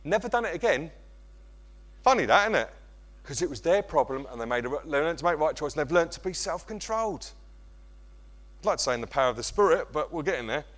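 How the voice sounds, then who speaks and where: A middle-aged man preaching a sermon, animated and self-mocking. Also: on the high side, fast talker, pauses often. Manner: animated, self-mocking, acts out kids' voices. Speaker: pastor.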